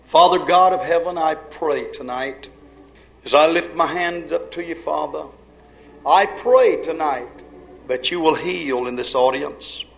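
With a fairly high, slightly slow voice marked by vocal fry, a man leads worship at a live service, preaching and praying in a fervent call-and-response revival style. Loud music backs him in an echoey hall.

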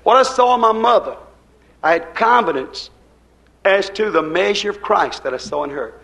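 An older preacher man delivering a fervent sermon. His voice sits fairly high, and he swings from loud, pushed lines to near-murmured asides. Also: expressive, normal speed, creaky, rough recording. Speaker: pastor.

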